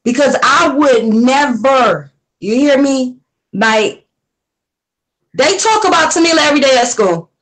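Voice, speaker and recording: A woman with a high voice offers soothing, motherly advice. She speaks warmly to a friend in distress and often calls her baby. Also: animated, unhurried, poor audio. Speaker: guest. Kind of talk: supportive personal conversation.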